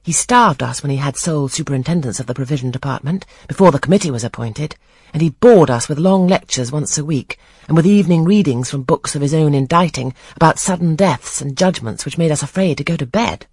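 A reader voicing a composed, frank young woman in an audiobook of a classic novel, answering in calm, measured sentences. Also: medium pitch, husky, dry recording, studio quality, voice pushed up.

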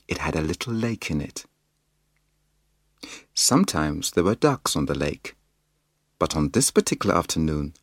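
A man reading a children's picture book aloud in a slow, expressive storytelling manner. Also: sits low, no echo, clean studio sound. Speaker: storybook reader.

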